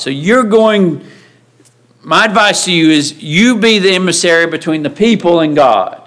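Conversational preacher man, slightly high voice. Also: expressive, normal speed, fairly bright tone. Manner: conversational, asks the congregation frequent rhetorical questions; acts out the voices of Bible figures when quoting them. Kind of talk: sermon. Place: church sanctuary.

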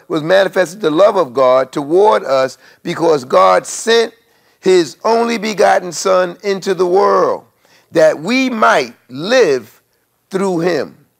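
A male pastor preaching a sermon, swelling to emphatic cries and dropping to soft pleas. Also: on the high side, creaky.

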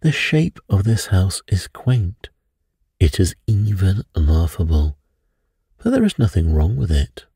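A man's voice: very animated, slow pace, gravelly, dark tone, breathy edge, no room sound, studio quality, heavily acted. A man doing a dreamy, brooding old priest. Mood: calm. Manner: low, dreamy, ominous. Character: mystical, brooding elderly male priest. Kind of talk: storybook reading.

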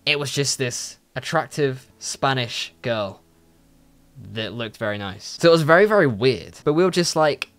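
A young man, telling a story in a casual, animated way and swearing freely. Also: a little slow. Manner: animated, swears a lot, jumpy pitch. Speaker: vlogger.

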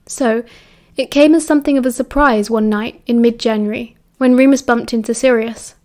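A British narrator, female and slightly high-voiced, reads from an audiobook in a steady, carefully paced storytelling style.

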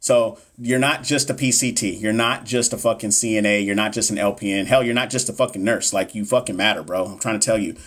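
A man's voice: fairly low pitch, steady tone, brisk, hardly any pauses, fairly bright tone. A man tutoring nurses on a live stream, going through exam questions in a casual, hyped-up way and swearing freely. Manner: casual, profane, hyped-up talk to viewers.

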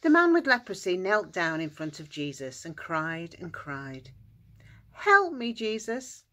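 A woman narrating a children's story at school worship in an expressive, sing-song way. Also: sits low, normal speed.

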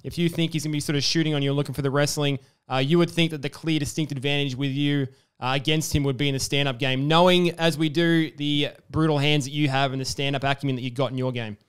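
A young man talks quickly, hosting a sports podcast in a loose, chatty way. His voice is very clean and clear, and he fills his questions with asides and fillers. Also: a little high, fairly even intonation. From Australia. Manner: chatty, filler-heavy, enthusiastic. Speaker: podcast host. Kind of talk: casual sports interview.

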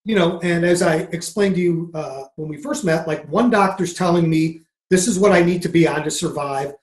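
Speaking at normal speed in a slightly high voice, a middle-aged man guesting on a podcast tells an earnest personal story, quoting and acting out conversations from his past. He works as a mindset coach, and the audio carries a roomy echo.

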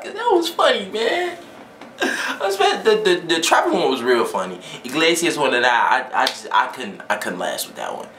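A man hosting a reaction video, chatting casually and exclaiming excitedly. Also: sits high, reverberant, a little hiss or hum. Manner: excitable, exclaims and laughs along.

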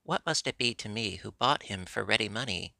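A man's voice: lowish voice, expressive, a little fast, vocal fry, bright, forceful tone, dry recording, clean studio sound, heavily acted. A man voicing a blunt, scoffing older gardener in a storybook reading. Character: gruff mocking older male gardener.

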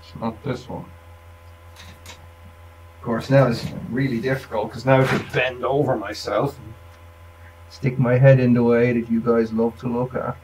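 A man's voice: medium pitch, little pitch movement, normal speed, pauses often, a little mellow. A man thinking aloud at a workshop bench, rambling casually with wry asides as he demonstrates electronics work. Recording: distant mic with faint room noise.

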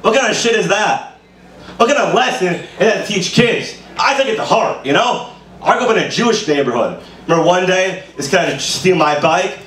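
A man's voice: high voice, expressive, moderate pace, a bit bright. A man who grew up in Brooklyn doing a rambling stand-up set at an open mic, full of "you know". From Brooklyn, New York. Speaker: stand-up comedian. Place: small bar comedy room. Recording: roomy live room, mic heard from a distance, faint hiss.

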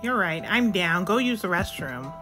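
A woman's voice: on the low side, animated, moderate pace, pushed and bright, faint music behind. A woman voicing a shrewd female toy contestant in a toy reality-show role-play, scheming in a conversational way.

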